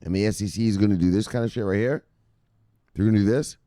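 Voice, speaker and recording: Male crypto news host, low and animated, profane angry rant, dry booth sound. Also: fast talker, no room sound. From United States. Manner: angry, cursing, swings between loud outbursts and low mutters. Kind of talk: profane animated ranting commentary.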